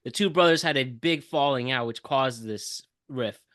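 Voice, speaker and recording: A man co-hosting a podcast, giving lively news-style rundowns in casual chat. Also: medium pitch, normal speed, dry recording, studio quality. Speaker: podcast co-host.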